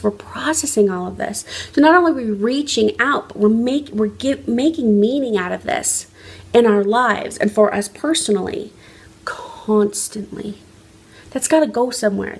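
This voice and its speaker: A woman's voice: medium pitch, gravelly, breathy edge. A woman life coach giving an earnest, emphatic motivational talk on a phone livestream, often restarting her sentences. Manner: earnest, emphatic, frequent restarts, varying pace.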